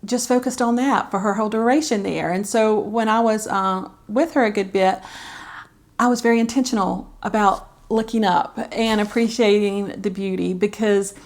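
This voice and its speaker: A woman's voice: mid-range voice, steady tone, moderate pace. Chatty middle-aged woman. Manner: chatty and heartfelt, with frequent fillers and soft laughs. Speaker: caregiver vlogger. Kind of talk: candid personal vlog talk.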